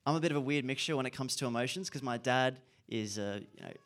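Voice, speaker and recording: A man's voice: mid-range voice, quick pace, fairly bright tone. A man giving an earnest, reflective sermon and repeating key phrases for emphasis. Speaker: preacher.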